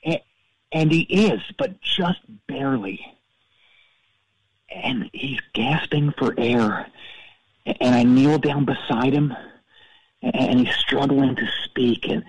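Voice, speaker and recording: Man as a self-obsessed radio DJ, husky, dry sound, stammering comic caller. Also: mid-range voice, measured pace, dry recording, low-quality recording. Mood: deadpan. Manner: rambling storyteller, stammering restarts. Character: vain male radio DJ, cold and self-absorbed. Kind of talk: comedic call-in character bit.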